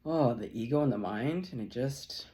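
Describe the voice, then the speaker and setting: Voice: medium pitch, expressive, moderate pace, dark tone. A tarot reader giving a casual channeled reading, effusive and loose, swearing freely and laughing often.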